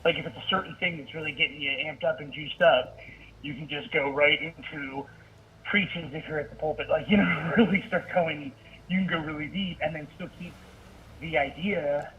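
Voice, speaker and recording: A man's voice: fairly high pitch, fairly even intonation, normal speed, far from the mic, dull audio, a little hiss or hum. A man calling in to give casual advice, speaking hesitantly with many fillers and downplaying himself. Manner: hesitant, filler-heavy, self-deprecating. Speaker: caller, writer.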